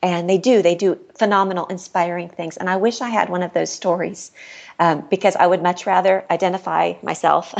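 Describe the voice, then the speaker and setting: A woman's voice: on the low side, fairly even intonation, brisk, creaky, muffled recording. A middle-aged woman, a podcast guest, telling a personal story in a candid, earnest way and laughing now and then. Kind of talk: personal storytelling in casual chat.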